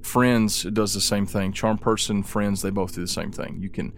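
A man acting as game master, explaining rules and narrating scenes in a relaxed way. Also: fairly low pitch, normal speed, creaky. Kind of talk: running a tabletop game.

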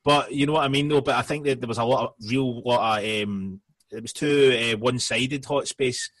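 A man's voice: mid-range voice, steady tone, moderate pace, fairly bright tone, no room sound. A man co-hosting a casual music podcast, giving blunt, sweary opinions. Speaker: podcast co-host.

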